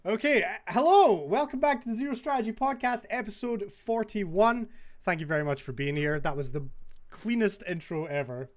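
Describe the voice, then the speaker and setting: Brief: podcast host, mid-pitched voice, easygoing and quick to laugh, call mic. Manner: laughs often, relaxed banter. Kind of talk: casual gaming podcast chat.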